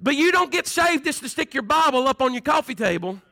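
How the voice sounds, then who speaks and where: High, gravelly-voiced preaching man. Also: animated, fairly quick, sharp tone, dry recording. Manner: fervent preaching with rhetorical questions to the congregation. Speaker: pastor. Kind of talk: sermon.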